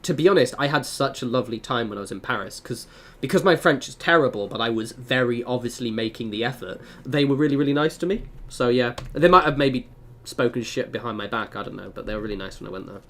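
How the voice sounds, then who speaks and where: Male gamer-streamer, mid pitch, chatty and rambling. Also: quick pace, fairly bright tone. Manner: chatty, rambling, lots of fillers. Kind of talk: casual chat while gaming.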